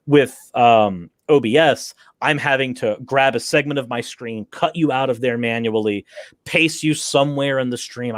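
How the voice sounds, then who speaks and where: A man who is a YouTuber, chatting casually on a call-in stream, quick and animated with frequent restarts. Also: mid-range voice, no echo, clean studio sound. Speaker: YouTuber and show co-host. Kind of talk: casual chat. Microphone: home streaming setup.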